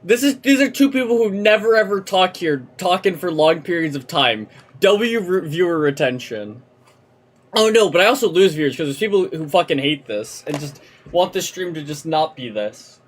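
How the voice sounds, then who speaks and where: With a lowish voice at a moderate pace, this young woman rants her way through a game stream, full of profanity and energy as she chats with viewers live.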